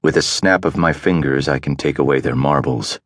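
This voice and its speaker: A calm, commanding tycoon, as a narrator plays him, speaking quietly in a very low, deep voice. Each line comes out soft and unhurried. The sound is dry and close. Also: male voice, no echo. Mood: calm, arrogant. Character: rich powerful man, calm and commanding.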